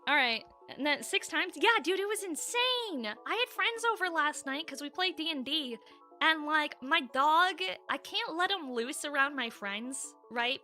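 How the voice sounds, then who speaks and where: A woman's voice: high-pitched, sharp tone. A woman livestreamer chatting casually with viewers, rambling with lots of "like" fillers. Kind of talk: casual chat.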